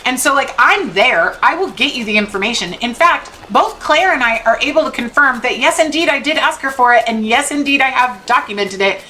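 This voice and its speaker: Over faint game music and slight background noise, a young streamer talks in a high, somewhat quick voice with few pauses. Playing a game, she animatedly tells an exasperated story, dropping the occasional swear word, and the recording quality is low.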